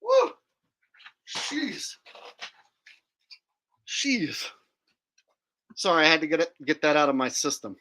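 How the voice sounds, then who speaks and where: A man's voice: a little high, steady tone, racing, few pauses, sharp tone. A man hosting a joking live stream commentary, chatting directly to his viewers. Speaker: streamer and host.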